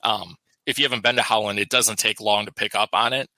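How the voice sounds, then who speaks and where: A man co-hosting a podcast, chatting casually and telling stories, quick to laugh. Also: on the low side, steady tone, pushed and bright, no echo, poor audio. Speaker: podcast co-host. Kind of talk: casual chat.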